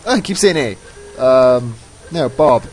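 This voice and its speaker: A man's voice: medium pitch, animated, slow, rough recording. A man giving casual, rambling commentary over his own gameplay, often mocking himself. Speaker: let's play host.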